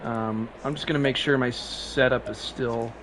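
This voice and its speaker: A man's voice: mid-range voice, fairly even intonation, normal speed, a bit bright, slight background noise. A man streaming a racing game live, chatting casually and rambling with frequent laughs, sleep-deprived and coughing.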